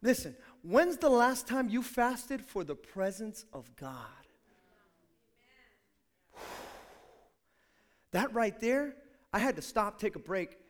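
A male pastor preaching a lively sermon, acting out quotes and swinging from hushed asides to shouted calls. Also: sits high, takes it slowly, pauses often.

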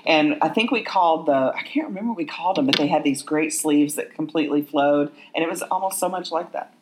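A woman's voice: low voice, fast, a crowd in the background. A woman in her fifties co-hosting a podcast, chatting in an upbeat, encouraging way. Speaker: podcast co-host. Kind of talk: casual chat.

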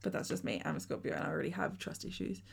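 A woman's voice: lowish voice, big pitch swings, very fast, vocal fry, slightly rough. A woman co-hosting a podcast, chatting casually and swearing as she recaps a reality show. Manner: chatty, swearing, laughing often. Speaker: podcast co-host.

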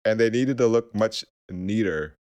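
A man's voice: fairly low pitch, a little slow, darkish tone, lo-fi sound. A man co-hosting a podcast in casual chat, who breaks into giggles mid-sentence. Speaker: podcast co-host.

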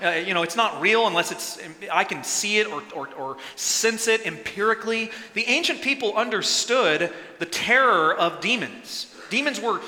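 Male pastor, sermon, bright and sharp tone, lively delivery with loud acted-out bursts, church hall reverb. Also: high-pitched, normal speed, hardly any pauses. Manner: animated, acts out quotes with sudden loud bursts. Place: church sanctuary.

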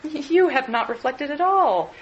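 A woman voicing a genial, talkative middle-aged male clergyman who gently lectures the young men. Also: sits high, sing-song, fairly quick, highs cut off, voice pushed up.

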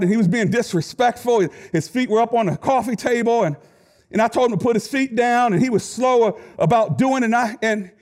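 A middle-aged man preaching a sermon, telling stories with animated delivery that swings from shouts to quiet asides. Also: extremely high pitch. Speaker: pastor.

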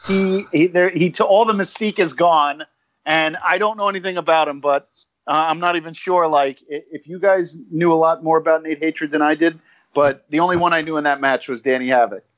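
A man co-hosting a podcast in loose, casual chat. His voice sits a little high, and he rambles with plenty of swearing and self-mocking asides. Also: steady tone, a little fast, a bit bright, muffled recording. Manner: rambling, profane, self-deprecating. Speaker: podcast co-host.

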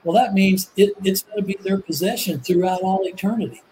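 A man with a high voice talks through scripture in easy conversation. He is earnest and eager and often trips over and repeats his words. Faint background noise sits under the voice. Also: a little fast, darkish tone, low-quality recording. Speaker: Bible teacher. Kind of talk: casual religious discussion.

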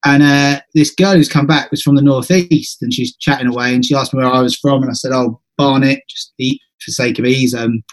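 A man's voice: medium pitch, steady tone, a little fast, hardly any pauses. A man in his thirties hosting a podcast, telling stories in a chatty, self-deprecating way and laughing along as he goes. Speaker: podcast host. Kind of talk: casual storytelling chat.

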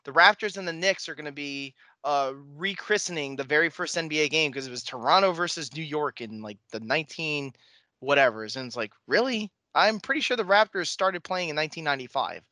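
Bright, slightly high man on a close dry mic, jokey rambling podcast host. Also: lively intonation, a little fast, no room sound. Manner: jokey, rambling, self-correcting. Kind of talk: casual sports podcast chat.

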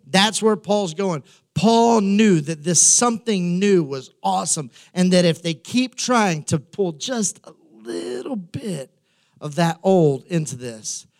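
Male pastor, high voice, lively sermon delivery that climbs to shouts. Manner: animated preaching, rising to shouts, humorous asides.

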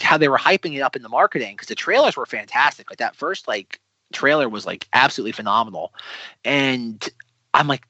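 A man's voice: medium pitch, expressive, fast, pushed and bright, dry recording, dull audio. A man co-hosting a podcast in casual chat, rambling with many fillers and restarts. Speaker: podcast co-host.

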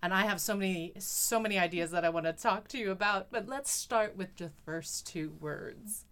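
A woman's voice: medium pitch, normal speed, fairly bright tone, smooth. A woman with an Australian accent, hosting a poetry podcast and speaking thoughtfully and enthusiastically. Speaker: podcast host. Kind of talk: casual conversation about poetry.

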